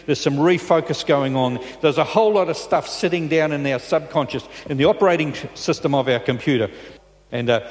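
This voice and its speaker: A man preaching a sermon in a church, talking in a conversational way and often checking in with his listeners. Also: on the high side. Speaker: pastor. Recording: long reverb in a large church.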